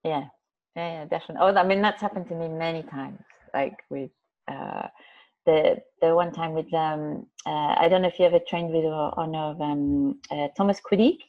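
A woman's voice: low-pitched, moderate pace. Woman telling a story, muffled recording. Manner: rambling, with many restarts and fillers; animated, acts out quoted voices. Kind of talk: casual conversational storytelling.

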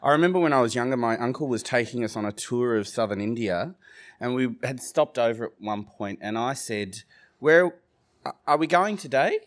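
A man's voice: medium pitch, fairly quick. A man with an Australian accent telling a funny story in casual chat, laughing as he goes. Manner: lively, laughing.

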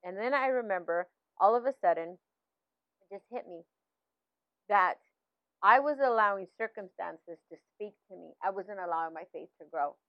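A middle-aged woman recounts a personal faith testimony in an animated, conversational way, full of fillers and restarts. Her voice sits at an ordinary pitch for a woman. The recording is dry and a little dull, as if captured through modest gear. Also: normal speed, no room sound. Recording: dull, slightly lo-fi, dry sound.

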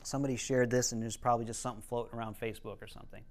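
A man's voice: medium pitch, steady tone, racing, a little mellow. A man, a counselor, giving a conversational teaching talk, explaining earnestly and telling stories to make his points.

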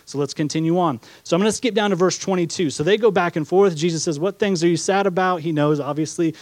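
A man's voice: on the high side, fast, a little mellow, no echo. A man preaching a sermon as pastor, reading scripture aloud and explaining it with rhetorical questions and acted-out asides. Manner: acts out the disciples' doubts in quoted asides.

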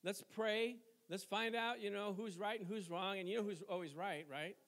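A man's voice: high voice, fairly even intonation, normal speed, a bit bright. A middle-aged male pastor preaching a sermon in a conversational way, tossing questions to the congregation and chuckling between points. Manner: conversational preaching with call-and-response asides and chuckles.

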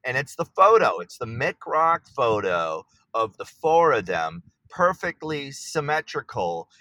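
A man's voice: medium pitch, big pitch swings, unhurried, bright, forceful tone. A man speaking as an artist guest in an interview, talking with enthusiasm and sometimes searching for words. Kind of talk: interview conversation.

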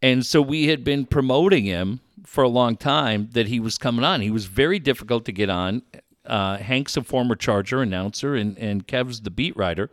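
A middle-aged man telling radio stories in casual chat, animated and profane, laughing often. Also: mid-range voice, moderate pace, dry recording, studio quality.

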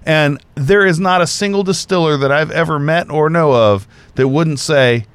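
A man's voice: a little high, normal speed, clean tone, dry recording. A man co-hosting a casual chat, talking with emphatic enthusiasm and explaining at length. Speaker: co-host.

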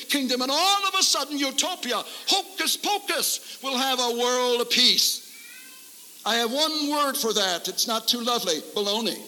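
A man's voice: very high-pitched, pushed and bright, slight background noise. A man preaching a revival sermon at a camp meeting, fervent and emphatic, repeating lines for effect. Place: large camp-meeting hall before a congregation. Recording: live sermon with long hall reverb.

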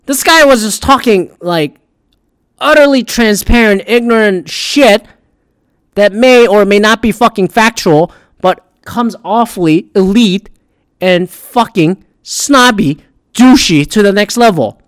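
A man's voice: high voice, unhurried, clear, resonant tone, no room sound. A man ranting crudely and sarcastically, swearing constantly as he comments like a podcast host. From Pacific Northwest.

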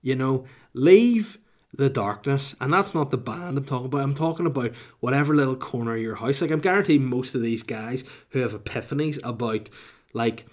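A man's voice: medium pitch, quick pace. A young adult man with a Northern Irish accent, a comedian ranting to camera in a rambling, sweary way full of asides.

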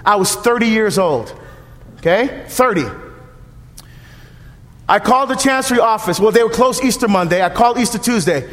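A man's voice: high-pitched, normal speed, long pauses. A man in his fifties, a deacon, giving a humorous, story-driven parish mission talk in a church. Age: 50s. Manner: lively storytelling, humorous, acts out dialogue. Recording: long church reverb.

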